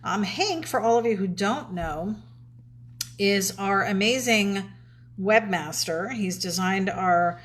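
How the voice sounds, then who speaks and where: A woman's voice: mid-range voice, takes it slowly, slight background noise. A woman co-hosting a live show, chatting casually and reading out viewers' greetings, laughing often and teasing her co-host.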